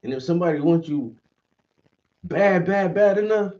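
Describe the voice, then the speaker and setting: A man's voice: sits high, moderate pace, darkish tone. A man ranting casually and profanely, acting out quoted voices as he goes. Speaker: stream host. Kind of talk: casual rant. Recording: dull audio, mic at a distance.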